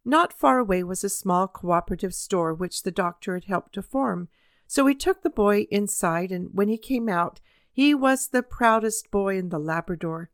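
A woman narrating a children's story in an even, measured reading voice. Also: medium pitch, no echo, clean studio sound. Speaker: audiobook reader.

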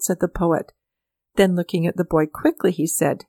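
A woman reading an old-fashioned story aloud in measured, even audiobook narration. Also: lowish voice, vocal fry, no echo, studio quality. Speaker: reader.

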